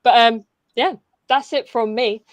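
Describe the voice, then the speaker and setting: A woman's voice: fairly high pitch, unhurried, no room sound. A young woman hosting a football fan livestream, chatty and upbeat, with lots of fillers, her voice getting tired. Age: young adult. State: losing her voice. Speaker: fan channel host. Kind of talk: casual fan livestream chat.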